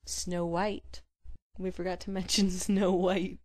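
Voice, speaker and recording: A woman's voice: lowish voice, little pitch movement, slow, darkish tone. A woman co-hosting a podcast in casual chat, playful and laughing often. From New Mexico. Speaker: podcast co-host.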